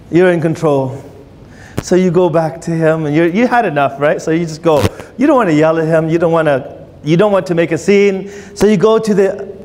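A man's voice: sits high, darkish tone. A man giving a sermon, telling a story and asking his listeners questions. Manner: storytelling, asks the audience questions. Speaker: preacher. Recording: long hall reverb.

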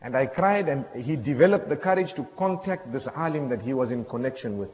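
A man's voice: medium pitch, animated, fairly quick, slight background noise. A man preaching a storytelling sermon, impassioned and repetitive, sprinkling in religious phrases. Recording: echoey hall, dull lo-fi sound.

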